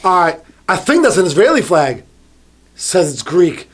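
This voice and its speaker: A man's voice: high voice, very animated, a little slow. A man co-hosting a casual podcast, retelling news stories with dry jokes and asides. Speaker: podcast co-host. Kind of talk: casual chat.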